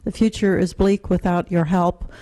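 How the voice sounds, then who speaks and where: A woman's voice: on the low side, fairly even intonation, moderate pace, mellow, rough recording. An older woman giving brief, earnest public testimony at a legislative hearing, pleading with the committee.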